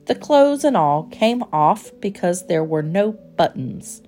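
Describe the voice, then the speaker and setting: A woman reading a children's storybook aloud in a gentle, expressive, measured way. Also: fairly low pitch, faint music behind.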